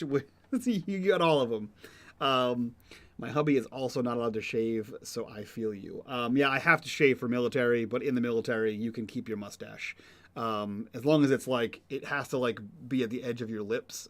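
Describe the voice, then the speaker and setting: A young adult man from New England hosting a casual livestream Q and A, chatty and rambling with many fillers. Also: medium pitch. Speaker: host.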